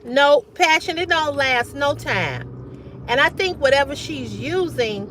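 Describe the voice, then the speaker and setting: Lively slow-talking woman livestream host. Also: sits high, slight background noise. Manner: animated, reads comments aloud and reacts; bursts into loud laughter often. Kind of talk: casual livestream chat with viewers.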